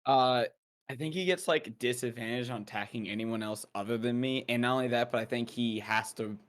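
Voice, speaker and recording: A man's voice: mid-range voice, a little fast. Eager, joking man player. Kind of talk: casual tabletop play.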